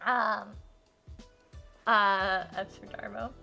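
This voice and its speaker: A woman from the southern United States streaming a visual novel. She chats with her viewers, giggles and mocks herself, and reads the narration aloud in a softer, lower voice. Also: steady tone, a little slow, vocal fry, long pauses. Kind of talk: live-stream chat while reading a visual novel aloud. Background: faint game music.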